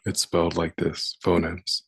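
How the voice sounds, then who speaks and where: Slow, low-voiced man teaching phonics. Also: completely flat delivery, vocal fry, breathy edge, dry recording. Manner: slow and deliberate, sounding out words. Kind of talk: phonics lesson.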